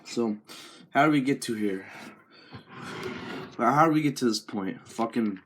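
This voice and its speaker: A teenage boy in a crude, profane comedic rant to camera, with a mocking deadpan drawl. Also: mid-range voice, unhurried, noisy background. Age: teens. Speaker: vlogger.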